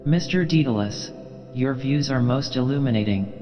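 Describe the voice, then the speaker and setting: Prim elderly librarian, quiet and courteous, read by a man; hall echo, faint music. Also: medium pitch, moderate pace, close to an everyday voice. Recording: reverberant dull recording, faint music.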